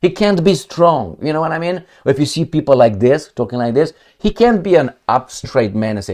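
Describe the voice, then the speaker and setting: A man gives loose, mocking political commentary straight to his viewers. His pitch swings widely as he talks, and he keeps it conversational and sarcastic. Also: animated, moderate pace, few pauses, a little mellow. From Romania.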